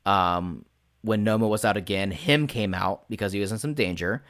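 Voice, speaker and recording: A man with a fairly low voice, chatting casually as a podcast guest about the games he runs. He tells rambling stories packed with fillers and the odd swear word. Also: normal speed, a bit bright, no echo, studio quality. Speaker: game master and podcast guest. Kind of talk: casual interview chat.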